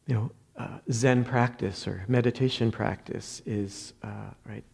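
A man with a New Jersey accent gives a dharma talk in a low, dark and gravelly voice. He speaks very slowly and thoughtfully, often pausing, restarting and searching for words. His tone is soft-edged and husky throughout. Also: steady tone. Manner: halting, reflective, many fillers and restarts. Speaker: Zen meditation teacher.

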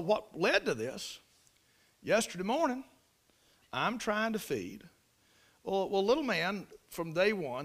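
A man, telling a folksy farm story in a devotional talk, in an animated country manner. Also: high voice.

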